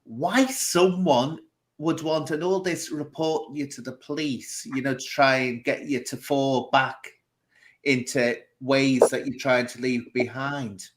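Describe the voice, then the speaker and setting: A man's voice: mid-range voice, steady tone, a little slow, a little hiss or hum, low-quality recording. A man hosting a conversation, musing aloud and putting long, loosely strung questions to his guests. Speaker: host. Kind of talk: casual chat.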